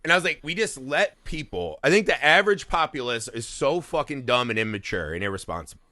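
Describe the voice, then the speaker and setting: A man in his thirties from Indiana, co-hosting a podcast and telling a story in animated, profane casual chat. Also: mid-range voice, fast talker, dry recording, clean studio sound. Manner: animated storytelling, heavy swearing, laughing. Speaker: podcast co-host.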